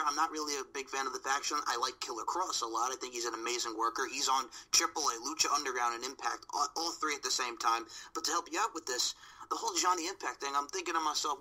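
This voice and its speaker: A man guesting on a casual podcast, telling his take in an animated way. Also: on the high side, low-quality recording. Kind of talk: casual chat.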